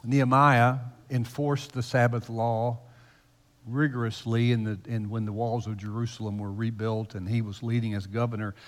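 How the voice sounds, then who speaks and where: Man, pastor, conversational sermon, teasing, loud-to-hushed swings, mid pitch, long hall reverb. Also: flat delivery, moderate pace. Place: church sanctuary.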